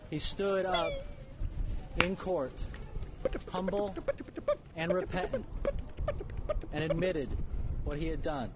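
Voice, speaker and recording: A man delivers a formal statement in a measured, solemn cadence. He is outdoors in a city, with traffic and street noise clearly heard behind him. His voice sits a little high. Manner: solemn, measured speech-making. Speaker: lawyer giving a statement. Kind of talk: formal courtroom-steps speech. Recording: archive clip, outdoors with noise.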